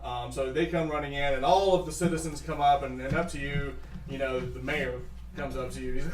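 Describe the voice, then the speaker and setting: A man's voice: fairly even intonation, fairly quick. Man, game master, tabletop narration, laughs a lot, roomy echo, distant mic. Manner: laughing often, puts on high squealing voices for townsfolk.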